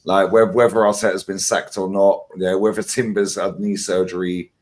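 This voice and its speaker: A man bantering on a live football fan stream, animated, laughing and swearing freely. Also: low-pitched, moderate pace.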